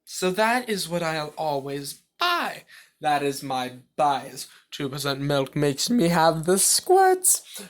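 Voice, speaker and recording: A woman's voice: low-pitched, slight background noise. Rambling, joking young woman in a kitchen. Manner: rambling, self-mocking and profane. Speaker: home cooking show host. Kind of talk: joking casual cooking vlog. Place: home kitchen. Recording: kitchen clatter of dishes and cutlery.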